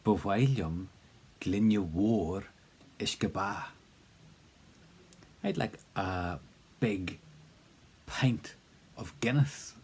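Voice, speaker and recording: A man leads a spoken language lesson in a relaxed, encouraging tone, breaking things up with fillers and repeated prompts to say each phrase out loud. His voice sits very low and has a husky grain to it. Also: very slow, long pauses. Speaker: language teacher.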